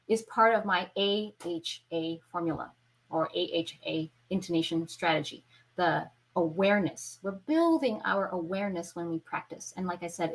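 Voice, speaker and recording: A woman's voice: lowish voice, poor audio. Patient woman teaching violin. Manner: explains patiently, checks in with "okay?" and "right?". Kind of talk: online violin lesson. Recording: violin playing between phrases.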